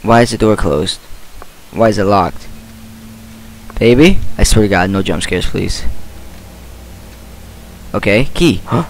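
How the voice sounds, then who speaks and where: A man's voice: fairly low pitch, measured pace, pauses often, a little hiss or hum, low-quality recording. A young man playing a horror game, reacting nervously and talking to himself as he goes. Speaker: gaming channel host. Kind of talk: horror game let's play commentary.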